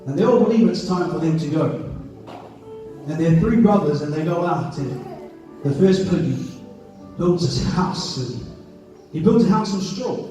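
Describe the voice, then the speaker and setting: High-voiced preacher in an echoey church. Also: male voice, warm tone. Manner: storytelling, builds to impassioned preaching. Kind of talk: sermon. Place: church sanctuary. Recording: echoey distant church hall with music. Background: music.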